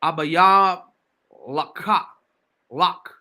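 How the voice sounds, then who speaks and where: A man slowly reading scripture aloud, sounding out each word syllable by syllable. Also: sits high, pushed and bright. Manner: halting, sounds out words syllable by syllable. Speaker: reader.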